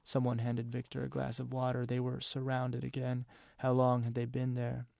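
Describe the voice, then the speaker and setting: Gravelly man reading somberly. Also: medium pitch, completely flat delivery, normal speed, mellow, dry recording. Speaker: author reading his novel. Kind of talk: literary reading.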